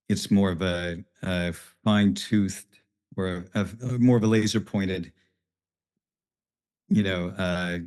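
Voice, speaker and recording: A man's voice: low-pitched, darkish tone. A man hosting a podcast, telling a story casually and loosely. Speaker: podcast host. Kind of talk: conversational interview.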